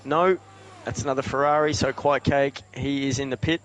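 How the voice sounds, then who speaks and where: A man giving steady, informative sim racing co-commentary. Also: mid-range voice, normal speed, low-quality recording. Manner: steady, informative, with filler ums.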